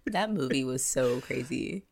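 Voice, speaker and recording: A woman's voice: extremely low pitch, expressive, unhurried, vocal fry, breathy edge. A young woman co-hosting a podcast in casual chat, talking loosely with many fillers and frequent laughs. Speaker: podcast co-host.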